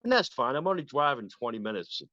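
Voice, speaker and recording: A man's voice: medium pitch, quick pace, no room sound. A man in his sixties, a guest guitarist telling stories in a casual chat and acting out the voices he quotes. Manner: animated, acts out quoted voices. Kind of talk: casual storytelling. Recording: dull lo-fi, dry.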